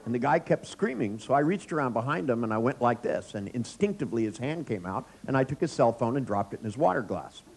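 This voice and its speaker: A man's voice: mid-range voice, lively intonation, fast talker, vocal fry, few pauses, a little hiss or hum, rough recording. Wry man teaching a workshop. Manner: wry, joking storyteller addressing a live audience. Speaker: workshop trainer. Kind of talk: live workshop lecture with anecdotes. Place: workshop room with an audience.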